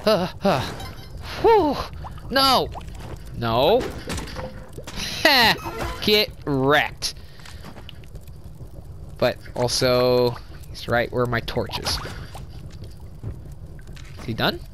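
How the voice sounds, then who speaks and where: A woman giving casual let's-play commentary, chatty and apologetic, quick to exclaim at what happens on screen. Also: very deep voice, expressive, fairly bright tone, slight background noise. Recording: game music behind voice.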